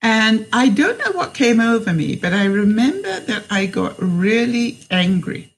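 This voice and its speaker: Slow, hesitant woman telling a personal story. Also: on the high side, very animated, low-quality recording. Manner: slow, hesitant, with many fillers and restarts. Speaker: vlogger.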